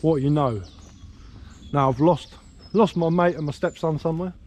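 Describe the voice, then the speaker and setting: Brief: English man, outdoor vlogger, easygoing ramble, mellow tone, slightly raised pitch, on-camera mic in woodland. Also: moderate pace. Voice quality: slight slurring from a missing tooth. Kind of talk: casual outdoor vlog. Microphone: handheld camera. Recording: faint outdoor noise, birdsong.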